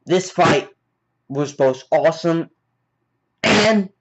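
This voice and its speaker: A man giving a casual movie review, retelling scenes as excited play-by-play with sound effects. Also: fairly high pitch, slow pace. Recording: dull lo-fi recording.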